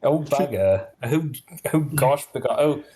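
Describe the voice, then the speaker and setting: A man voicing a fussy, posh English gentleman who sounds falsely sorry and talks in prim, mock-polite exclamations. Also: mid-range voice, lively intonation, a little slow, voice pushed up, close to an everyday voice. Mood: mock apologetic.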